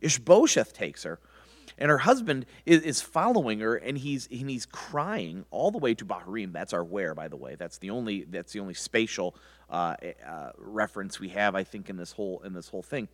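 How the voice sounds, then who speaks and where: A man's voice: lowish voice, very animated, moderate pace. A man teaching a Bible passage verse by verse in a rambling, conversational way with many restarts.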